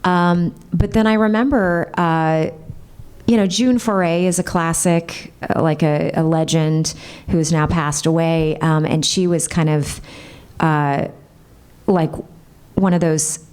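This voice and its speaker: A voice actress chatting bubbly and gushing with fans at a convention panel. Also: female voice, deep voice, steady tone, takes it slowly, a little mellow, smooth.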